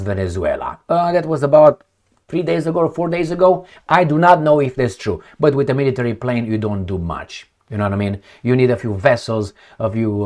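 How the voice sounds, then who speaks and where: A middle-aged Romanian political commentator with a mid-range, slightly mellow voice offers blunt, sardonic, unscripted commentary on news headlines, adding storytelling asides.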